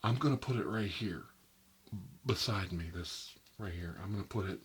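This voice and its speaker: A man playing a nervous male doctor in a soft-spoken ASMR role-play, rambling and filling his talk with "like" and "you know.". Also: lowish voice, moderate pace, a little hiss or hum, lightly acted. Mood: uneasy. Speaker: doctor examining a patient.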